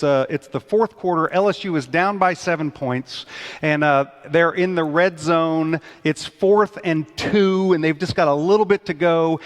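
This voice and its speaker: A man preaching a conversational sermon in a church, animated and acting out people's outbursts. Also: fairly high pitch. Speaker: pastor. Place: church sanctuary. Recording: long church reverb.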